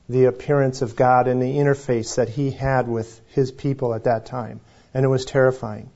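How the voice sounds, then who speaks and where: A man's voice: mid-range voice, dark tone. An older man preaching a sermon as pastor, talking in a conversational, folksy way with jokes and scripture readings. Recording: slightly dull lo-fi recording.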